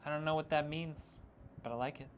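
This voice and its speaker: A man hosts a casual PC-building livestream, reading chat messages aloud into his microphone. His voice sits a little higher than most men's, and he teases his viewers in a loose, joking way, laughing often. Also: fairly even intonation, brisk, slight background noise. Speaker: streamer building PCs.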